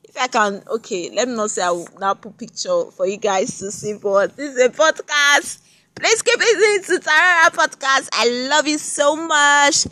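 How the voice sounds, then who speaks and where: Lady doing her solo podcast, rambly chatty talk, says stuff over and over, kinda high voice. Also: expressive, moderate pace, bright, forceful tone. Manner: chatty, rambling, repeats herself. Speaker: podcast host. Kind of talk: casual solo podcast monologue.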